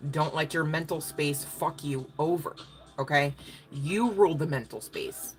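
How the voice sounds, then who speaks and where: A woman's voice: sits low, unhurried, faint music behind. A woman giving a casual livestream tarot reading, chatty and profane, laughing often. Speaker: tarot card reader.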